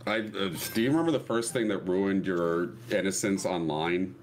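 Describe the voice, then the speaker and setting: A man's voice: low voice, normal speed. A man from Virginia co-hosting a casual chat, who explains things in a dry, matter-of-fact way. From Virginia, United States. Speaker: co-host of a gaming chat show.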